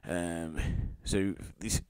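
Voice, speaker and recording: A man's voice: low voice, fairly even intonation, very slow, a little mellow, smooth, no echo. A man commenting on tweets he reads aloud, sarcastic and scornful, mocking their writers with fake sympathy. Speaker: YouTube commentator.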